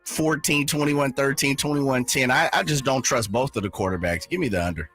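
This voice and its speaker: A man's voice: mid-range voice, fairly quick, soft background music. A man on a sports radio show, giving his picks in a chummy, casual way. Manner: lively, chummy, calls people brother.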